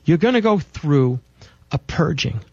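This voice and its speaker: A male talk-show host delivers an insistent, preachy health monologue and keeps driving his points home. His voice sits a little high. The audio is dull and lo-fi, with a dry, close sound. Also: animated, unhurried, no echo. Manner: emphatic, preachy, insistent repetition.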